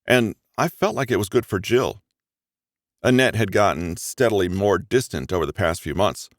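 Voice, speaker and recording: A man narrating a first-person romance audiobook in an expressive, even storytelling manner. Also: on the low side, normal speed, dry recording, clean studio sound.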